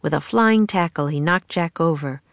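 Narrator: woman, lower voice, dry close sound, expressive kids' story read-aloud. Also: normal speed, dry recording.

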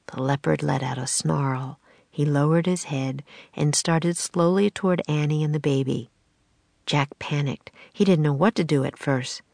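Narrator: woman, lower voice, dry close sound, expressive kids' story read-aloud. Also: no room sound.

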